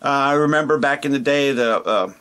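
Laid-back male drum teacher, rambling and self-deprecating, mid pitch. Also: a little fast, fairly bright tone. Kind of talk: casual video lesson.

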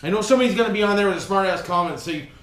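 A man's voice: high voice, rapid-fire. A man hosting a casual workshop vlog, folksy and foul-mouthed, talking to his viewers as he works on an engine with tools. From Canada. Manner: folksy, swears a lot, keeps calling viewers "boys". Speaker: vlog host rebuilding an engine. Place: home workshop, working with tools. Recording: echoey room with loud tool clatter.

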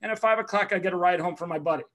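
A man telling a personal story in a casual talk, animated and profane, acting out the other people in it and laughing along the way. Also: high-pitched, rapid-fire. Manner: excitable, swears often, acts out other people's lines with shouting and laughter. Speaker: podcast host telling a story.

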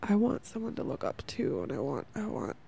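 Young woman, podcast host, rambling heartfelt chat, gravelly fry, warm mellow tone. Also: deep voice, sing-song, a little fast, slight background noise. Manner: rambling, heartfelt, says "like" a lot. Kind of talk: casual spiritual podcast monologue.

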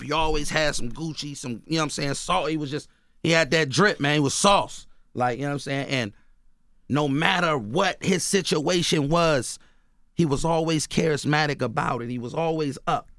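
A man's voice: on the high side, moderate pace, a bit bright, dry recording, clean studio sound. A man from Oakland, a radio guest telling loose stories packed with "you know what I mean". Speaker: guest author and rapper. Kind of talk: casual radio interview. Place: radio studio.

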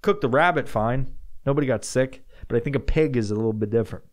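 A man's voice: mid-range voice, fast talker. A man hosting a casual solo podcast, rambling and swearing as he answers listener questions. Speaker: podcast host.

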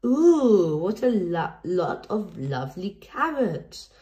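A woman's voice: mid-range voice, animated, slow, a little mellow. A woman voicing a friendly mother rabbit shopper who sounds polite and admiring. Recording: roomy echo.

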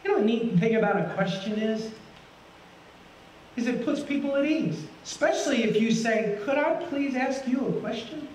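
A middle-aged man preaches in a high, lively voice, folksy and full of questions for his listeners. He is heard from a distance in a roomy church sanctuary, with faint laughter from the congregation behind him. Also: moderate pace, slight background noise. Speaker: guest pastor. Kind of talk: sermon.

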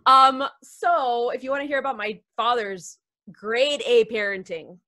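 Young woman, interview guest, bright and punchy, animated storyteller on a video call. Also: fairly high pitch, unhurried. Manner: animated, lively storyteller with laughs and voiced quotes. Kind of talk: casual storytelling.

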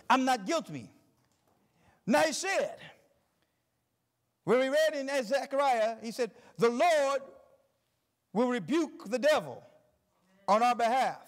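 A middle-aged male pastor preaching a sermon, reading scripture slowly and building emphasis through repetition. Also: extremely high pitch, expressive.

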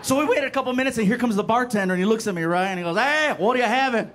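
A man doing an animated stand-up set, telling stories and acting out the people in them. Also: high-pitched, rapid-fire. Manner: animated, acts out characters in quotes. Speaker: stand-up comedian. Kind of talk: stand-up storytelling. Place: comedy stage before a live audience.

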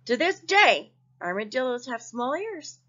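A woman reading a picture book aloud to children, expressive and asking her young listeners questions. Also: sits high, a little slow. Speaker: children's story reader. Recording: dull lo-fi recording.

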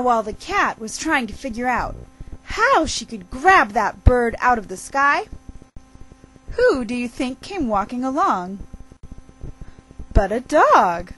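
A woman telling a picture-book story aloud with expressive, drawn-out emphasis. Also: sits high, slightly rough, low-quality recording.

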